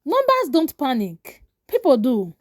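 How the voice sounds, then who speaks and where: Brief: unflappable young male executive, voiced by a woman narrator, high lively voice. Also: measured pace, no room sound, clean studio sound, heavily acted. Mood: calm. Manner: calm, clipped.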